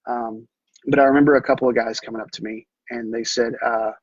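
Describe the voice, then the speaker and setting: A middle-aged man telling his personal story in an earnest, halting way, with many restarts. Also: medium pitch, fairly even intonation, no room sound. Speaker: realtor. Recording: dull, muffled sound.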